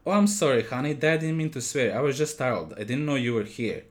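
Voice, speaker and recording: A man's voice: medium pitch, lively intonation, fast, lightly acted. Man doing Bonathan, a snarky skeleton dad. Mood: flustered. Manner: mocking, dismissive. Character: grumpy dismissive skeleton dad.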